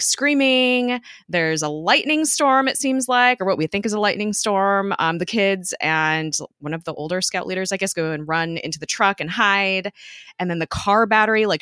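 A woman's voice: lowish voice, a bit bright, clear, resonant tone, no echo, clean studio sound. A woman co-hosting a podcast, casually recapping a TV episode, chatty with lots of fillers and laughs. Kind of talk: casual chat.

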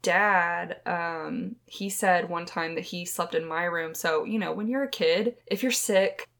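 Her voice on the low side, gravelly and fairly bright, a young podcast co-host spins ghost stories at a measured pace. The casual storytelling rambles along, close to the microphone and packed with filler words.

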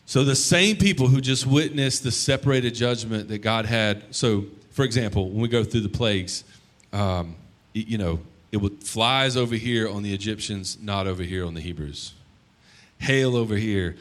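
A man in his thirties, a pastor preaching a sermon, telling the story conversationally and breaking into sudden loud bursts. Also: medium pitch, expressive, moderate pace.

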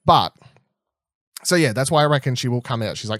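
A young man chatting casually as a podcast co-host, rambling and animated, swearing freely and restarting often. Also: medium pitch, moderate pace, pauses often, no room sound, studio quality. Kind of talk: casual chat, TV episode predictions.

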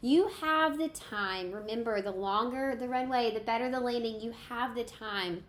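A woman hosts a birth and postpartum podcast, her voice a touch high. She gushes with enthusiasm and speaks in a warm, effusive conversational way. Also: moderate pace. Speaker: podcast host. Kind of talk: podcast interview.

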